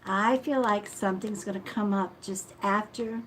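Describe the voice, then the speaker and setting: A woman hosts a live psychic reading stream, speaking in a soft, affectionate tone and calling viewers sweetheart. She often apologizes and trails off mid-thought. The audio is a noisy live-stream recording with a clear hiss underneath. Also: mid-range voice, fairly even intonation, moderate pace. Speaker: psychic reader.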